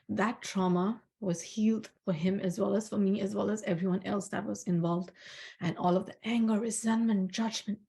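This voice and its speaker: A woman in a spiritual healing talk tells a personal story, earnest and reflective, pausing with soft fillers. Her voice is mellow and warm, sitting at a middle pitch. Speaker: spiritual healer.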